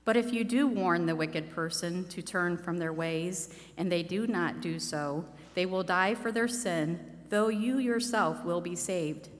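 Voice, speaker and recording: A woman with a Midwestern American accent reading scripture aloud in a measured, deliberate way. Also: on the low side. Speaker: scripture reader. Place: church sanctuary. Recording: church hall reverb.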